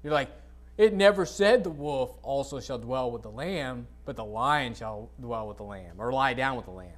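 A pastor delivers an informal sermon in a church sanctuary, reading scripture to the congregation and tossing in blunt, dismissive asides. His medium-pitched voice is expressive at a moderate pace, and he often clears his dry throat.

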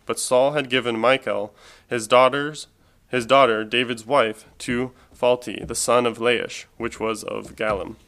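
A man reads scripture aloud before the sermon. His voice is bright and forward, and his delivery is steady and measured. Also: medium pitch. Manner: steady, measured reading of old-style scripture. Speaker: scripture reader.

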